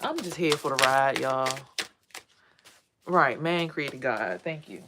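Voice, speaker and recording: A woman's voice: very deep voice, lively intonation, takes it slowly, noisy background. A woman doing a casual, rambling spiritual tarot vlog and talking straight to her viewers. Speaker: tarot reader and spiritual vlogger.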